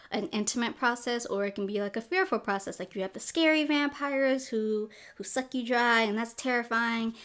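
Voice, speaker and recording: A young adult woman hosting a podcast, giving a casual, rambling movie review full of "like" fillers. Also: medium pitch. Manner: chatty, rambling, lots of "like" fillers. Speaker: podcast host. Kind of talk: casual film review commentary.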